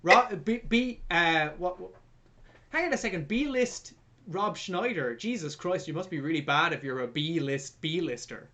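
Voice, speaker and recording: A man's voice: on the high side, expressive, a little slow, bright, forceful tone. A man co-hosting a film review podcast, recapping the plot in casual, sarcastic, sweary chat.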